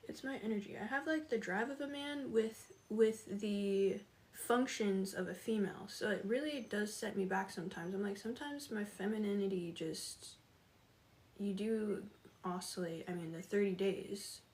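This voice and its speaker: A woman's voice: mid-range voice, moderate pace, darkish tone. Chatty woman streamer, laughs often. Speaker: livestreamer. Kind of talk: casual chat with viewers.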